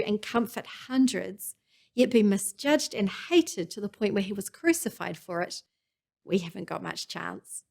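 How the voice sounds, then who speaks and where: A woman presenting a scripted talk on dealing with difficult people, calm and earnest, at times acting out example lines. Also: medium pitch, vocal fry.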